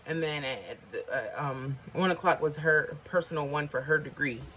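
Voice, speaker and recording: Her voice is deep with a fairly bright tone, moving at a moderate pace. A middle-aged vlogger, she chats colloquially with "y'all" while doing her makeup, rambling and getting sidetracked as she tells a story. The recording has a slightly dull, lo-fi quality.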